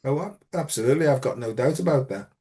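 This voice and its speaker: A man hosts a frank, unscripted chat. He talks bluntly and earthily, swears freely, and acts out stories with quoted back-and-forth dialogue, at an ordinary mid pitch. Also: lively intonation, fast talker, warm tone. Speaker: host.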